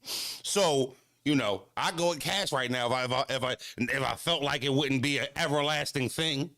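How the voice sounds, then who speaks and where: A man who is a battle rapper, ranting casually to his live-stream chat, animated and repetitive, swinging from low mutters to high exclamations. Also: normal speed, no room sound, clean studio sound.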